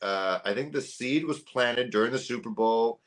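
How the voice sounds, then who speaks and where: A man from Canada in his thirties, a guest on a podcast, telling stories in a lively, animated way and acting out the people he quotes. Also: mid-range voice, normal speed. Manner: animated storyteller, acts out quoted voices. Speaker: podcast guest, sports YouTuber. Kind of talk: casual chat.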